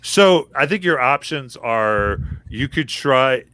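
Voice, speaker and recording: A man game master narrating a tabletop game in a relaxed, halting way with many fillers. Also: medium pitch, clean tone, no echo, rough recording.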